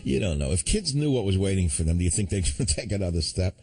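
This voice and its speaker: A man's voice: low voice, animated, quick pace, a little mellow, faint music behind. A man hosting a call-in radio show, talking in a combative, sardonic way with chuckling asides. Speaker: radio talk show host.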